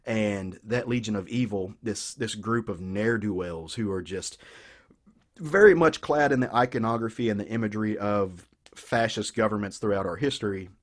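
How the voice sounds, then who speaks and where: With a lowish voice at normal speed, a Southern US man co-hosting a podcast enthusiastically recounts a comic book story. His telling is casual and rambling, full of restarts.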